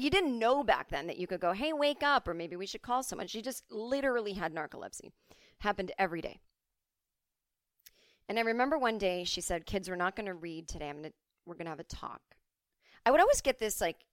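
A woman's voice: on the low side, no echo, studio quality. A woman in her forties hosting a solo podcast, telling rambling childhood stories full of swearing and asides. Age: 40s. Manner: rambling, profane, animated storytelling with asides. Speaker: podcast host.

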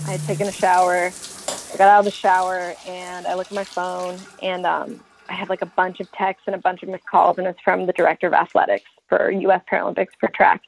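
A woman's voice: lowish voice, fairly quick, vocal fry. A young adult woman, a track athlete, telling her story casually and animatedly, laughing and acting out what people said. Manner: animated, laughing, acts out quoted lines. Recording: tinny phone-like line.

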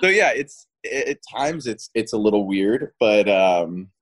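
A man's voice: on the low side, lively intonation, measured pace, slightly rough. A man in his thirties, a guest chatting casually in an interview, laughing often and restarting his sentences. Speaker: actor guest.

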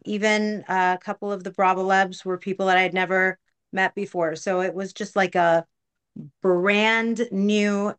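A woman's voice: mid-range voice, fairly bright tone. A woman reality show contestant answering interview questions in a self-deprecating way. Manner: self-deprecating, describes herself as a nervous laugher.

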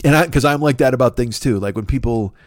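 Fast-talking and mid-range, a middle-aged man rambles through a swear-filled comedic rant on his podcast, breaking into exasperated outbursts. It's recorded cleanly in a studio with no echo.

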